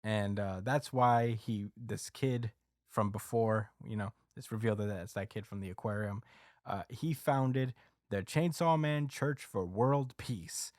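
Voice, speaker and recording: A man hosting a podcast, casually recapping a story with lots of fillers and quick acted quotes. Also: on the low side, a little mellow, dry recording, clean studio sound. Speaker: podcast host recapping a manga chapter. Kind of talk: casual chat.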